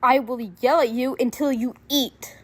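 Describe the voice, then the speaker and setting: A woman's voice: high-pitched, fairly even intonation, a little slow, voice pushed up. A woman voicing a stern, bossy teen boy who scolds and insists in a fan audio story. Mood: angry.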